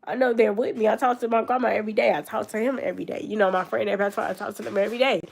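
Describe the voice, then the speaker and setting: Young woman vlogger, home room, gravelly fry, loose reflective chat. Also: mid-range voice, steady tone, racing, a little mellow. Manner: reflective, loose and conversational, many fillers. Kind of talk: casual talk to camera. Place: her grandmother's room at home.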